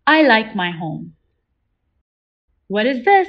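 A young woman teacher leading a children's phonics lesson, slowly sounding out words and patiently asking the listener to repeat after her. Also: high voice, big pitch swings, highs cut off. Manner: slow, drawn-out sounding out of words; patient, encouraging prompts to repeat.

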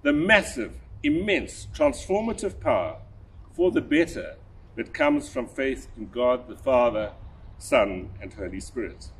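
An older man, a priest, delivering a measured, deliberate sermon with a husky voice. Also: mid-range voice, sing-song. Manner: measured, deliberate preaching with emphatic rises.

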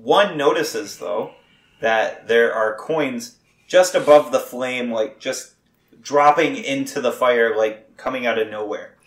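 A man running a tabletop game as game master, narrating haltingly with many fillers and restarts. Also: medium pitch. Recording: echoey room.

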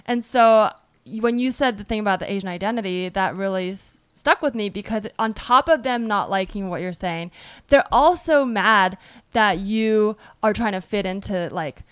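Smooth-voiced woman podcast host. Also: mid-range voice, moderate pace, dry recording. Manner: chatty, acts out quoted exchanges in a storytelling way. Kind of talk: casual podcast conversation.

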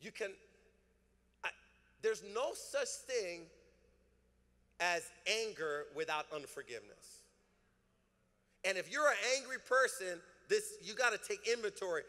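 A man's voice: high-pitched, expressive, measured pace, pauses often, sharp tone. A male pastor preaching a sermon with emphatic delivery, leading the congregation in call-and-response in a church sanctuary. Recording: long church hall reverb.

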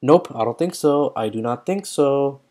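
A man's voice: medium pitch, expressive, normal speed, darkish tone. A young man giving live commentary while playing a mobile fighting game, talking in slang and often exclaiming in frustration.

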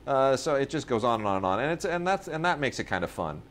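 A man's voice: mid-range voice, big pitch swings, fast talker, fairly bright tone, slight background noise. A man co-hosting a podcast, chatting casually about video releases in a rambling way, with lots of fillers and restarts. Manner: rambling storyteller, many fillers, mimics people in quoted bits. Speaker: podcast co-host. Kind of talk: casual chat reviewing home video releases.

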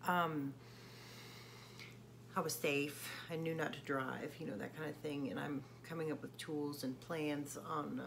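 A woman singer-songwriter talking in a personal video confession, hesitant and halting with many fillers. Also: low-pitched, noisy background.

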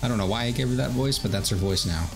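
A man's voice: medium pitch, quick pace, soft background music. Man joking through a horror game. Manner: joking, sarcastic asides. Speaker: let's-play host. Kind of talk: casual gameplay commentary.

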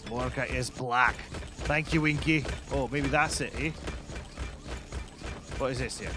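A man hosting a game stream in casual chat, excitedly exclaiming questions about what he sees. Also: mid-range voice, a little slow. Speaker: streamer host. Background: game music.

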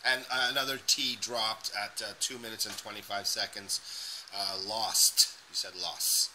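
A man's voice: on the low side, fairly even intonation, normal speed, bright, forceful tone, slight background noise, rough recording. A man coaching a student on pronunciation, giving encouraging feedback and over-articulating sounds. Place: indoors, dim lighting.

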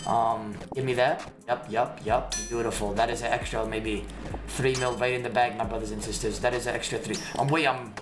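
A man streaming a game, giving excitable, slangy trash-talk commentary with sudden shouts. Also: medium pitch, brisk. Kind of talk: live gameplay commentary. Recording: echoey room with clear background music. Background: background music.

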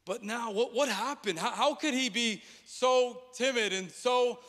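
A pastor preaching with passion, swinging between ringing declarations and hushed, intimate asides, through a stage microphone in a large church auditorium. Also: male voice, very high voice, a little slow. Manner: impassioned, repetitive preaching with dramatic drops to quiet. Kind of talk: sermon. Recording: reverberant church hall.

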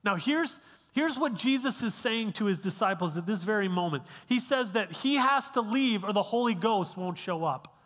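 A man's voice: high-pitched, animated, normal speed, a bit bright, big-room sound. A male pastor giving a sermon in a casual, conversational way, often restarting phrases and checking in with the congregation. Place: church sanctuary.

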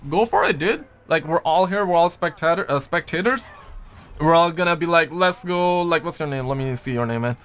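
A slightly high, clean, somewhat bright male voice moves briskly as a young man hosts a gaming livestream. Reading viewer messages in loose slang, he keeps things jokey and casual with lots of "man" and "dude," over faint background music.

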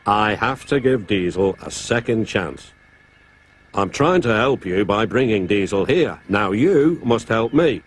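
A man doing a brisk, stern railway boss. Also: on the low side, animated, slight background noise. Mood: firm. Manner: brisk and commanding. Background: music.

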